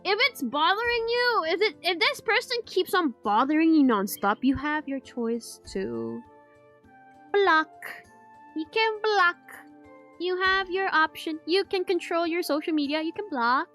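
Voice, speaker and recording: A woman with a high, sparkly voice chats casually with viewers, answering their questions. She giggles often, rambles and restarts her sentences, and drops in Malay words along the way. Soft music plays faintly underneath. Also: lively intonation, unhurried. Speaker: VTuber streamer. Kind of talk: casual Q&A chat.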